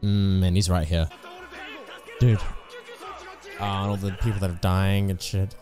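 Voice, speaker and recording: A man hosting an anime reaction video, reacting with loud, swearing outbursts and shouts. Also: sits low, flat delivery, a little slow, pauses often, music in the background. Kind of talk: excited reaction commentary.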